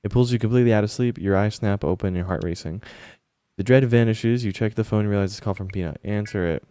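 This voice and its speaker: A man's voice: lowish voice, fast talker, mellow, clear, resonant tone. A man playing a video game on stream, reading its narration aloud and tossing in casual, sometimes profane reactions. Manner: swears casually, mutters reactions between read-aloud narration. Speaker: gaming streamer. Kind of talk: casual let's-play commentary and reading game text aloud.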